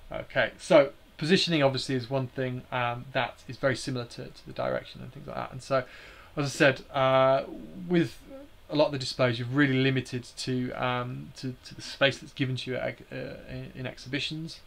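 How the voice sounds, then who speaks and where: A man's voice: medium pitch, flat delivery, brisk, vocal fry, few pauses, fairly bright tone. A man hosting a live stream, explaining slides in a hesitant way with many fillers and restarts.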